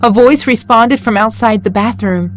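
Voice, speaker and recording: A woman reading a scripted first-person horror story in a measured, dramatic way. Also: on the high side, soft background music. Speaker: story narrator.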